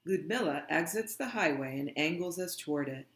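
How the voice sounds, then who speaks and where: A reader reading a children's novel aloud, slow and deliberate. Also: mid-range voice, expressive. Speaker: audiobook reader. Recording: roomy, echoey room.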